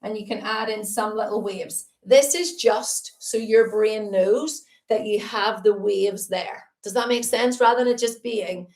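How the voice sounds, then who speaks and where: A woman's voice: mid-range voice, fairly even intonation, measured pace, hardly any pauses, darkish tone. Woman art teacher, live-stream lesson, chatty and upbeat, roomy echo. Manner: chatty, upbeat, greets viewers while explaining.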